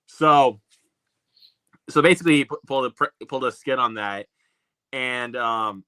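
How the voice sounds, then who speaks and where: A man's voice: medium pitch, normal speed, sharp tone, clear, resonant tone, no room sound. A man chatting casually on a video call, laughing often and hesitating with fillers. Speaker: host of a video call hangout. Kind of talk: casual chat.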